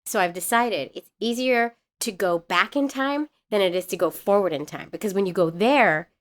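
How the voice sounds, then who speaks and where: A middle-aged woman co-hosting a podcast, an animated storyteller who laughs often in casual chat. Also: medium pitch, moderate pace. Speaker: podcast co-host.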